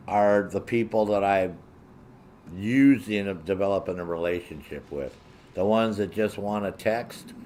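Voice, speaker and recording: There's a slight hiss or hum under this man's low voice as he rants casually to his stream viewers. He's profane, cursing heavily, and comes across animated and indignant.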